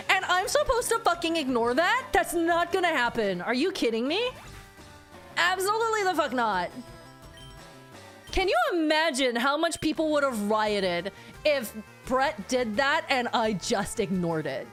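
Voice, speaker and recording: A woman's voice: high-pitched, big pitch swings, moderate pace, fairly bright tone, soft background music. A woman streamer chatting casually with her viewers. She gets worked up easily, swears freely and often repeats her phrases.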